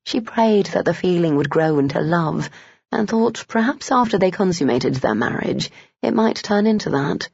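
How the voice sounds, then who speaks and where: This is a measured audiobook narrator reading a romance novel aloud. The voice is gravelly and husky, and the recording is dry and dull, like lo-fi audio. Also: medium pitch, expressive, darkish tone, no echo.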